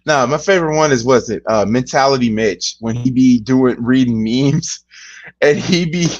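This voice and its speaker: A man hosting a casual chat, laughing a lot and jumping into high impressions. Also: moderate pace, muffled recording. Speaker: podcast host.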